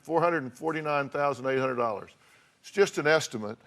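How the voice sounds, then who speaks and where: A man's voice: fairly high pitch, a little fast, a bit bright. An older man with a Southern American accent hosting a talk show, bluntly scolding guests and reading out costs. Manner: blunt, scolding, reads out figures. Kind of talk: confrontational talk show advice.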